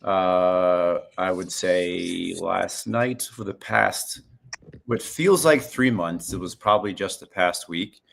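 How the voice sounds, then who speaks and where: A man's voice: deep voice, slow pace, vocal fry, fairly bright tone. A man in his forties co-hosting a casual video-call chat, rambling and restarting his sentences. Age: 40s. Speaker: podcast co-host.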